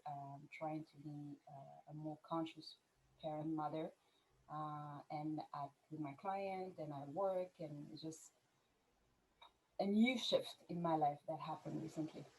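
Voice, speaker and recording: A woman's voice: low voice, steady tone, unhurried, darkish tone, slight background noise, rough recording. A middle-aged woman with a French accent, a guest in a casual interview, talking with many fillers and restarts. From France. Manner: hesitant, many fillers and restarts, laughs easily. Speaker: guest, mindset coach.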